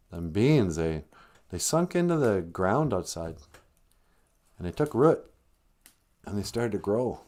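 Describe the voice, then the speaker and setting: Animated man telling a joking folktale. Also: on the low side. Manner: joking, loose and conversational. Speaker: podcast host and storyteller. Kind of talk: casual humorous folktale retelling. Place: home live stream.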